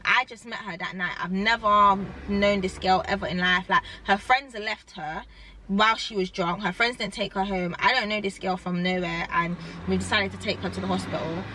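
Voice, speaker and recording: Bright-voiced young woman vlogging. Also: medium pitch, moderate pace. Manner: animated, rambling, heavy use of "like". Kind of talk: casual storytime chat.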